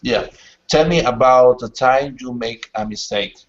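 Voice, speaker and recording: A man from Spain with a Spanish accent, a student asking questions in halting English while searching for words. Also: mid-range voice. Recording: distant, muffled lo-fi audio.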